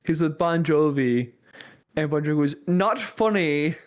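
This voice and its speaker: A man's voice: fairly high pitch, lively intonation, moderate pace. A young man co-hosting a casual podcast chat, trading teasing jabs with his friend. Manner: teasing, playful banter. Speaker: podcast co-host.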